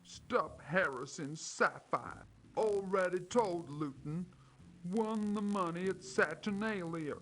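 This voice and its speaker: An actor playing a slow-witted male bodyguard who talks in clipped, broken sentences in a video game. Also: sits high, a bit bright. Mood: gruff. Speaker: game character.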